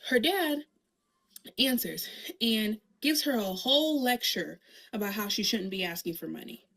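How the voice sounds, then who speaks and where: A mother telling a comic story in a sassy, lively way, acting out the people in it. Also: on the high side, unhurried, vocal fry. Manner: sassy, lively, acts out voices in her story. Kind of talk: comedic storytelling monologue.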